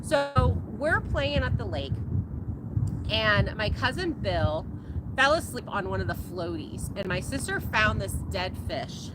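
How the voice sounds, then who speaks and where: A woman's voice: medium pitch, big pitch swings, measured pace. A woman co-hosting a casual farm livestream, telling a family story and laughing often as she goes. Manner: laughs a lot while telling a story, rising to squeals. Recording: noisy background.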